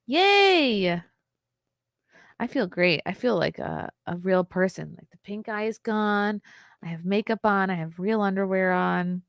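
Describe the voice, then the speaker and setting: Chatty woman with a gravelly voice. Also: lowish voice, no room sound, studio quality. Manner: candid, chatty, laughs often, reads chat aloud. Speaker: livestream host. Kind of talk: casual livestream chat.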